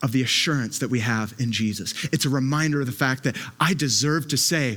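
A man's voice: mid-range voice, brisk, a bit bright. A man preaching a sermon with an impassioned, emphatic delivery, often repeating his words as he presses a point.

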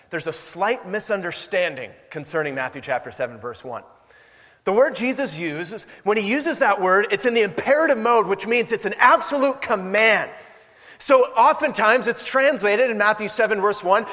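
A man's voice: sits high, lively intonation, normal speed, a bit bright, long reverb tail. A young adult man preaching a sermon in a conversational way, acting out quoted exchanges. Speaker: pastor.

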